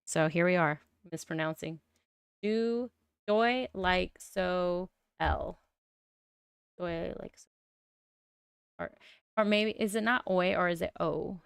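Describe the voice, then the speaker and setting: Young adult woman streamer, low gravelly voice, mild lisp, chatty and thinking aloud. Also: slow pace, no room sound, clean studio sound. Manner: chatty, musing aloud with frequent oohs. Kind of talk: casual game-building commentary.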